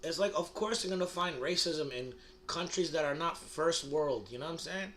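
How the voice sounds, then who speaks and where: Rambling crude man with a slightly high voice. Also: moderate pace, fairly bright tone, slight background noise. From United States. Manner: rambling, crude and provocative, filler-heavy with many restarts. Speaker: comedy vlogger. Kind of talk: rambling comedic monologue.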